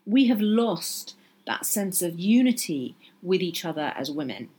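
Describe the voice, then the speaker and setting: A woman's voice: lowish voice, very animated, measured pace, darkish tone, slightly rough. A woman hosting a solo podcast, talking earnestly and with passion, driving her points home by repeating them. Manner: earnest, impassioned, emphatic repetition. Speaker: podcast host.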